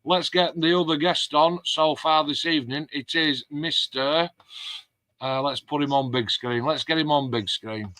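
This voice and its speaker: Male host, chatty and bright, dry close sound; reads viewer comments on a live stream. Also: a little high, a little slow, dry recording. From England. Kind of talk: casual live-stream chat.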